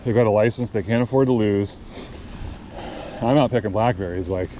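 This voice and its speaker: A cycling vlogger with a lowish, dark voice casually tells a road story at a moderate pace, rambling, profane, and amused. He's recorded outdoors beside a road, with clear traffic noise.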